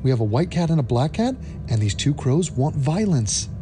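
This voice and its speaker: Male vlog commentator, sarcastic and mocking, with an animated, warm voice. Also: fairly high pitch, normal speed, faint music behind.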